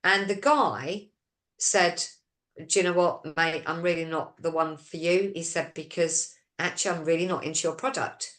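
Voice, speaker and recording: A woman hosts a relaxed talk show and talks through a long story, voicing the lines of each person in it. Her voice sits fairly low for a woman. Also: normal speed. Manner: storytelling, retelling quoted dialogue; reads listener questions aloud. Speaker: host. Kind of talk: casual chat.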